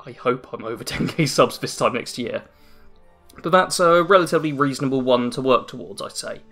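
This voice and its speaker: A man's voice: on the high side, fairly bright tone. Rambling, self-mocking young man. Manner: rambling, self-deprecating, jokey asides. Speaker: YouTube channel host. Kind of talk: casual end-of-year update vlog. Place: dim room at home after a work shift.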